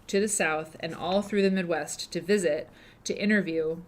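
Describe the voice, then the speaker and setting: A woman, hosting a live quilting show, chatting and reading aloud with many fillers and restarts. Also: on the low side. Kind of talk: casual live-stream chat and reading aloud.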